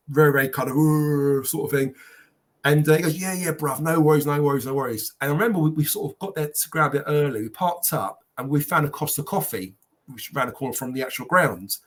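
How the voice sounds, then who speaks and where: Animated storytelling man. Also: on the high side. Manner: animated anecdote-telling with mimicked quotes. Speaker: podcast panelist. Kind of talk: casual storytelling.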